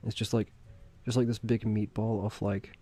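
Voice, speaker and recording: Low-voiced male streamer, mellow tone, rambling casual chat while drawing, faint music behind. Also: level tone, normal speed. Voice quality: rambling, chuckling asides.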